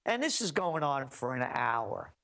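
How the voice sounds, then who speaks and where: A man ranting as an interview guest, his pitch swinging widely from one phrase to the next. He piles up rhetorical questions and hammers his points home with heated emphasis. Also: very animated, measured pace, bright, forceful tone. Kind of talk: heated political commentary.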